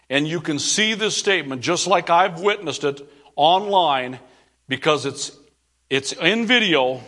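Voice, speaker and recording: Male pastor, middle-aged, slow deliberate sermon delivery, bright ringing tone. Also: a little high. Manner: emphatic, reads quotes then rebuts them.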